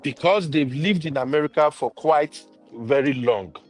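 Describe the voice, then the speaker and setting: A man, a co-host in a casual talk show, giving strong opinions in a lively way and laughing often. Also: on the high side, normal speed, soft background music. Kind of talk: casual chat.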